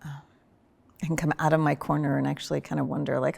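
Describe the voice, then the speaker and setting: Woman, low gravelly voice, casual podcast guest, lively storyteller with sudden loud bursts. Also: quick pace. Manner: animated storytelling with loud vocal sound bursts. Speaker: podcast guest, host's wife. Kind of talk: casual personal conversation.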